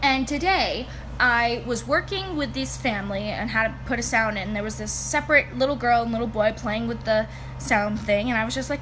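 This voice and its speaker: A woman who works in a toy store, casually telling funny customer stories to camera, animated and laughing as she goes. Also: a little high, fairly quick, a little hiss or hum. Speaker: retail store employee.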